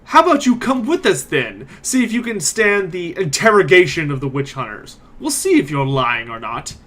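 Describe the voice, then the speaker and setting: A man puts on a scowling witch hunter captain for a tabletop game, voice pitched up and pushed loud. He is self-important and blustering, and he jabs out accusations and threats. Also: big pitch swings, moderate pace, full character voice. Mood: threatening.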